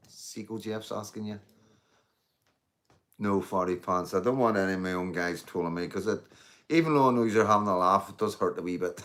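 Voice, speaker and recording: A man's voice: fairly low pitch, normal speed, fairly bright tone, a little hiss or hum. A middle-aged man, rambling and swearing through a casual livestream chat with viewers. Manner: rambling, swears freely, addresses viewers as mate and guys. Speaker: livestream host.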